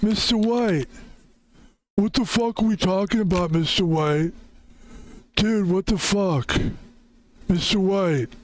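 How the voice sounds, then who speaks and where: A man's voice: high voice, slow, long pauses, slight background noise, voice pushed up. A man doing a whiny swearing street punk. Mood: tough. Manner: swaggering, cursing. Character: tough-talking young punk, swearing and whiny. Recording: music playing underneath.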